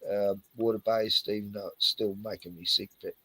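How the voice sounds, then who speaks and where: A man's voice: lowish voice, fairly even intonation, normal speed, crowd noise, poor audio. An older man, a retired house painter, rambling and swearing through a casual chat with lots of "you know".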